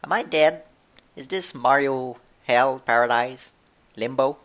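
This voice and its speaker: A young man giving jokey, excitable commentary while playing a video game. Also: mid-range voice, unhurried. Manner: excitable, jokey, yelps and laughs. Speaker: let's play gamer. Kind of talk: casual gameplay commentary. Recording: game music loud under the voice.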